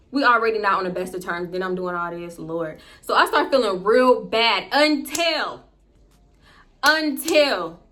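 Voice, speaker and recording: A woman hosting her storytime channel, telling the story casually, animated and blunt and swearing freely. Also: mid-range voice.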